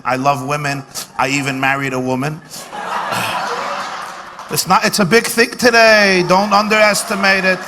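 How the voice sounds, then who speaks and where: A man with a fairly high voice tells jokes and stories to a dinner crowd, repeating his punchlines with snappy timing. He speaks from a podium in a banquet hall, so his voice carries a long reverb with faint room noise underneath. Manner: punchy comic timing, repeats lines for effect. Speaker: rabbi giving a dinner lecture. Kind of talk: humorous speech with jokes and stories.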